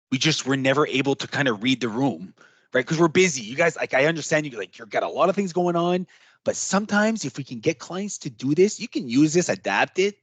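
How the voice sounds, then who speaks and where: A male trainer gives a casual workshop talk in a mid-range voice, animated and chatty as he acts out client quotes. The recording is dry and close, with no room sound.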